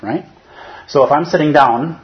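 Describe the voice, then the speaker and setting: A man's voice: on the high side, moderate pace, dull audio. A man teaching as a Zen teacher in a dharma talk, conversational and humorous, often checking in with listeners.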